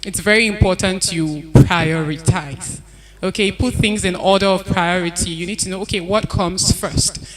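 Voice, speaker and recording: A woman's voice: lowish voice, steady tone, moderate pace. A woman speaking on a conference panel, giving earnest advice and repeating her key points. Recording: event hall with crowd noise.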